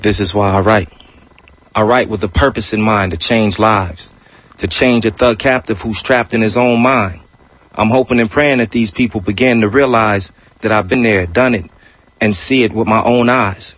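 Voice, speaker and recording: Husky low-voiced man reciting poetry. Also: normal speed. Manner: earnest, insistent recitation. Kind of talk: spoken word poetry. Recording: muffled radio broadcast.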